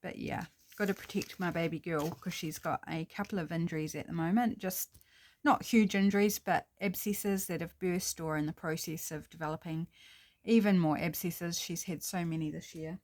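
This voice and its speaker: This is a middle-aged woman with a New Zealand accent, talking to her viewers in a relaxed, chatty way while she crafts. Her voice sits fairly low for a woman. She muses aloud as she works, in an easy home-video manner. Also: normal speed. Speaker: crafting vlogger. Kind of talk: casual crafting narration.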